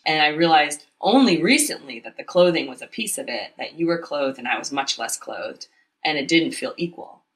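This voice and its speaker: A woman's voice: low-pitched, normal speed. Frank woman telling a personal story. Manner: open, confessional, animated storytelling. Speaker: podcast co-host. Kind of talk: candid casual chat.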